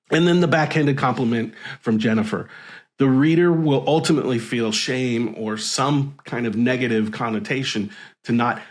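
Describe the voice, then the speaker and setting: Male marketing vlogger, mid-pitched, very lively intonation, wry and sarcastic delivery to camera. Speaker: marketing video creator. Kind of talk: reviewing messages to camera.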